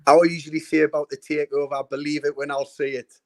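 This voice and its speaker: A man's voice: fairly high pitch, little pitch movement, quick pace, no echo. A man who is a former football manager and pundit, telling stories casually over a video call and laughing at his own tales.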